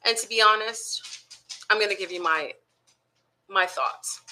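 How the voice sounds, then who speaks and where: Speaking unhurriedly in a medium-pitched, bright and forceful voice, a woman addresses her viewers from home as dogs linger nearby, with slight background noise. The online commentator's monologue is unscripted, peppered with rhetorical questions and y'all.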